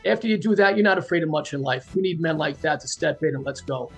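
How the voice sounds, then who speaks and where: A man's voice: on the high side, quick pace, creaky, soft background music. A man who is a retired police officer, talking as a guest in an earnest, plain-spoken way. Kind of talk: casual interview talk.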